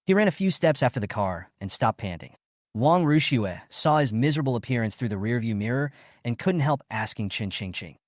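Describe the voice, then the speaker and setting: A man reading a scripted story recap as its narrator, in a steady storytelling manner. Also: mid-range voice, normal speed, no room sound, studio quality.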